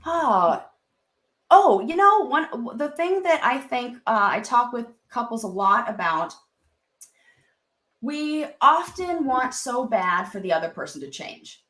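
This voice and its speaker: A woman's voice: on the high side, sing-song, slow, a bit bright, reverberant. A woman in her thirties, a therapist and podcast guest, chatting casually and acting out quoted inner voices with the odd swear. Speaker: licensed marriage and family therapist, guest.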